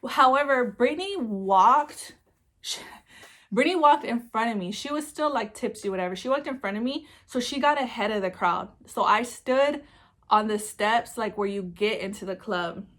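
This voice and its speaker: A young woman tells a personal story in a casual storytime vlog, chatty and swearing freely, with her speech full of filler words like "like". Her voice is a little high and a bit bright, with lively intonation at normal speed.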